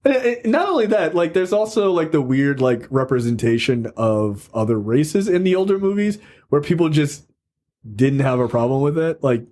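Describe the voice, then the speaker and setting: Animated, high-voiced male podcast host. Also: moderate pace. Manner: excitable, laughing, says "yo" often. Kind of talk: casual chat.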